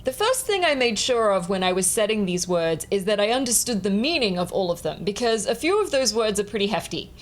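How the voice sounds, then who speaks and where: A woman's voice: medium pitch, very animated, brisk, few pauses. Woman composer explaining text setting. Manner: clear, explanatory, demonstrates rhythm by speaking words to a beat. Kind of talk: instructional talk on music.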